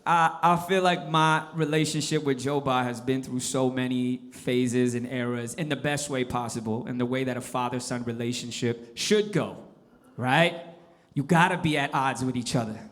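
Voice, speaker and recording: A man in his forties performing a stand-up comedy set, animated and switching into impressions. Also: fairly high pitch. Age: 40s.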